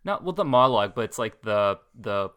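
A man's voice: fairly low pitch, animated, fairly quick, fairly bright tone, clean tone, muffled recording. A man co-hosting a casual podcast, rambling through stories with frequent laughs. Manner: rambling, laughs often, many fillers. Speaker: podcast co-host.

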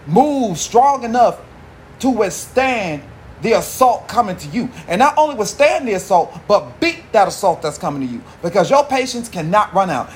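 A high-pitched man runs a solo podcast. He rambles and swears freely, heavy on slang. A faint hiss of noise sits under his voice. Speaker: podcast host. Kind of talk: casual monologue.

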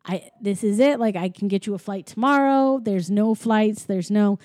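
A warm-toned woman with a medium-pitched voice chats with a friend at a moderate pace, recapping a movie as a podcast co-host. She's a chatty storyteller who acts out quotes and laughs a lot, recorded in clean studio quality with no echo.

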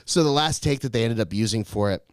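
A man's voice: mid-range voice, fast talker, dry recording, clean studio sound. A man telling stories and teasing his co-host in casual chat, laughing often. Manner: laughs a lot, teasing banter.

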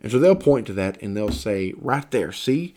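An expressive man with a warm, lowish voice speaks at normal speed as he gives a sermon-style Bible lesson, tired and yawning. He reads passages with escalating emphasis, then offers a loose, filler-heavy explanation.

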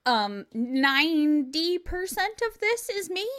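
Lively, bright-voiced woman co-host. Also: high-pitched, slow pace. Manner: animated, chatty. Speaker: podcast co-host. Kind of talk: casual chat.

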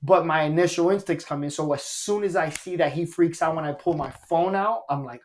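A man's voice: a little high, brisk. A man, a stand-up comedian, telling a story on a podcast in a casual, profane way and acting out quotes. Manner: animated, profane, acts out quotes.

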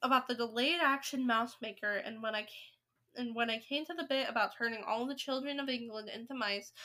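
A woman reading a children's book aloud, with steady, expressive storytelling. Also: a little high, brisk.

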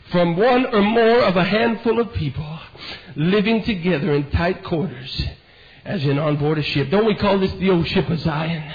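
A man preaching a sermon, shouting with fervor and repeating hallelujahs. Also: high voice, vocal fry, lo-fi sound.

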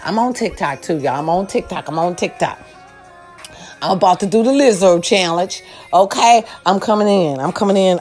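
Hyped, profane older woman vlogger. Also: lowish voice. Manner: loud, hyped, profane and sassy. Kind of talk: casual pep talk.

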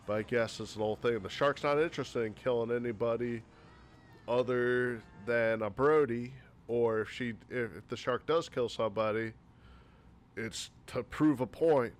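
A man's voice: mid-range voice, normal speed. A man giving a casual spoken movie critique, sarcastic and rambling, with frequent swearing. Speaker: movie reviewer.

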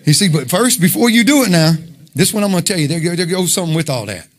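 A man's voice: high voice, animated, fast talker. A man preaching an informal sermon, conversational and emphatic, full of rhetorical questions.

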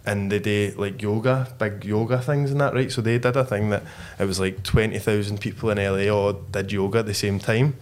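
A man's voice: lowish voice, fairly even intonation, brisk, few pauses. A man chatting as a podcast host, rambling in slang. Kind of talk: casual chat.

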